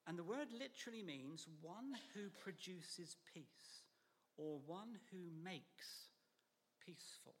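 A man preaching a sermon in a church, measured and emphatic, sometimes dropping to a near whisper. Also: high-pitched, animated, husky, big-room sound.

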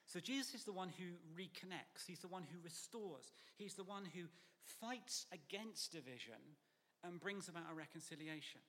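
A man preaching a sermon in a church, measured and emphatic, sometimes dropping to a near whisper. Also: sits high, expressive, bright, forceful tone, long reverb tail.

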